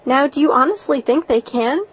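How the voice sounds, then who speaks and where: Talkative dreamy orphan girl, eager, voiced by a woman, highish voice, muffled lo-fi audio. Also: a little fast, close to an everyday voice. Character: chatty imaginative red-haired orphan girl. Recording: dull lo-fi recording.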